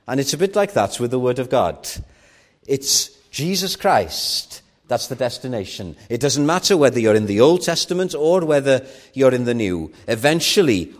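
A man's voice: mid-range voice, a little mellow. A man preaching a sermon at an evening church meeting, earnest and rising to fervent emphasis.

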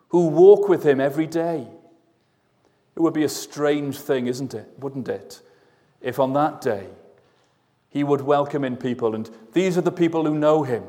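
Slow earnest preacher in an echoing church. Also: male voice, mid-range voice, warm tone. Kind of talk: sermon. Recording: long church reverb, voice at a distance.

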